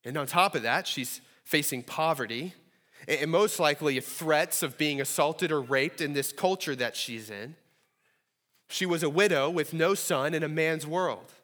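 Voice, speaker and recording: Man, pastor preaching in a church hall; earnest, pleading lift on prayers; highish voice with long reverb. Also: measured pace, a bit bright. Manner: earnest, rises to pleading when voicing prayers. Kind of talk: sermon. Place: church sanctuary.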